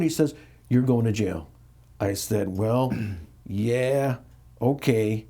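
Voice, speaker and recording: An interview guest, a middle-aged American man, takes his time in a medium-pitched voice. His candid, animated story is full of restarts, repetitions, and acted-out quotes.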